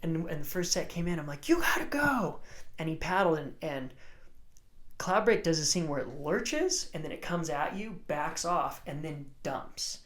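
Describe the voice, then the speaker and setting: A man's voice: fairly high pitch, normal speed, a bit bright. A man guest on a podcast, casually telling a story in laid-back surfer talk, full of "like" and acted-out dialogue. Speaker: guest, surfer and surf coach.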